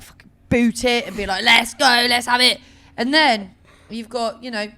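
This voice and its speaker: A young woman, a band member, chatting casually in an interview, animated, swearing and acting out what people said. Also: medium pitch. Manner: animated, swearing, acts out quotes. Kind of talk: casual chat. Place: outdoor music festival.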